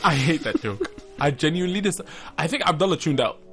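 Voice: medium pitch, animated, brisk, a bit bright, faint music behind. A co-host in a casual radio chat, giggly and teasing, laughing often with playful outbursts.

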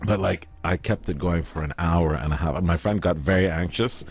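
A man's voice: deep voice, brisk, breathy edge, faint music behind. A man casually telling a funny anecdote to friends, acting out the other people's lines and laughing along. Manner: animated storyteller, acts out quotes, laughs often. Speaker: podcast guest telling a story.

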